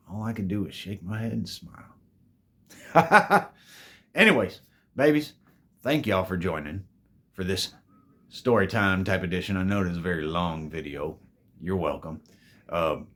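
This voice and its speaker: A man casually telling a storytime tale to his viewers, laid-back and full of swearing, calling them babies. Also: low-pitched. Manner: profane, laid-back, calls listeners "babies".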